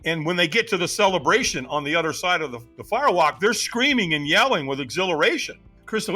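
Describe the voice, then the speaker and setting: Man, middle-aged, podcast guest, dramatic storyteller, acts out voices, a bit high-pitched. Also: pushed and bright. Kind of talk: animated personal storytelling.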